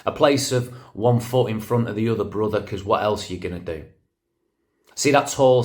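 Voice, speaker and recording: A man's voice: on the low side, natural voice. A man with a Manchester accent reading a verse novel aloud as its streetwise ten-year-old narrator, speaking straight to the listener. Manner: vivid, direct, addressing the listener. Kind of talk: poetry reading in first person.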